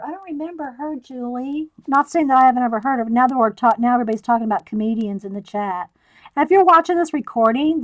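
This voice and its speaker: A woman in her sixties hosting a live stream, chatting and laughing casually while she colors and reads the live chat aloud. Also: a little high.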